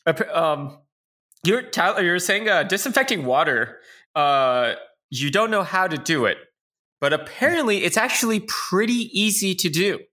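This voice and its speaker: A man's voice: high-pitched, sing-song, normal speed, pushed and bright. A man co-hosting a casual podcast chat, joking and laughing often as he reads out facts. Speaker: podcast co-host.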